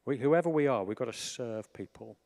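A man preaching a sermon in a chatty, animated way, full of asides and restarts. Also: medium pitch, fairly quick.

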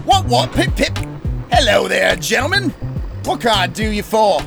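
A man's voice: high voice, very animated, moderate pace, gravelly, over music, pitched above the performer's own voice, heavily acted. A man voicing a stubby-faced male shopkeeper in a ratty top hat, with a put-on posh British patter. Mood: chirpy.

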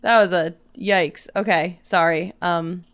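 A woman's voice: on the low side, fairly even intonation, slow pace, a bit bright. A woman playing a tabletop game, chatty and giggly, often apologizing. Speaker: player. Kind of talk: casual tabletop game chat.

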